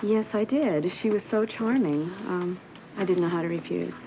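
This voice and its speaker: An actress playing a gentle young wife who speaks softly and apologetically, in 1980s soap opera acting. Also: female voice, lowish voice, normal speed, lightly acted. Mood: hesitant. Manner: soft, hesitant, apologetic. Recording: dull lo-fi tape with music.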